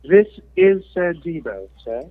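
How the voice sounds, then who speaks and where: A man's voice: on the high side, sing-song, measured pace, no echo. A man putting on a pompous posh English gent. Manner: formal, pompous, calls everyone sir. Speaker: caller. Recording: muffled phone line.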